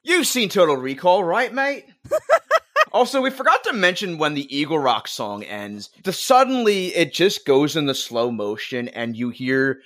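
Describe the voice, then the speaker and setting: A man who is a guest on a comedy podcast, making wry, deadpan jokes. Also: a little high, moderate pace. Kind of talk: casual comedic review chat.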